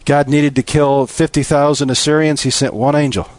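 A man preaching a sermon, building from steady teaching to impassioned, emphatic appeals. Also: on the high side, moderate pace, dry recording.

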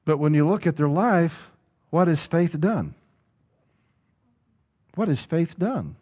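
This sermon comes from a male pastor whose voice sits a little high, warm in tone with a breathy edge. He takes it slowly, pressing points through rhetorical questions and repeated words, and the recording sounds dull and lo-fi.

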